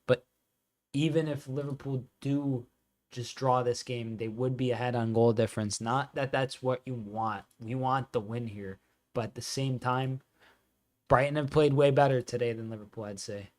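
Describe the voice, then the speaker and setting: Excitable man commentating a football watch-along. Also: mid-range voice, normal speed. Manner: excitable fan commentary, reads out scores and reacts to chat.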